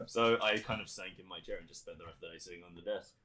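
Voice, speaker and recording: Young man, very low voice, casual podcast chat, boastful storyteller, laughs through his anecdotes, swears casually. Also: very fast, a crowd in the background. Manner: animated anecdotes, often laughing mid-sentence. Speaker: podcast co-host.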